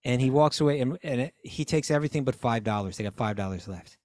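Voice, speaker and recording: A man's voice: medium pitch, fast, darkish tone, no room sound, studio quality. A man casually retelling a story on a talk show, acting out the voices and laughs of the characters as he goes. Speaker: podcast co-host.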